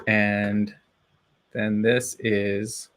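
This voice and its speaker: A man's voice: lowish voice, level tone, extremely slow, a bit bright. A man chatting casually on a live stream, rambling and cheering himself on with frequent laughs. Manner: rambling, self-encouraging, laughs often.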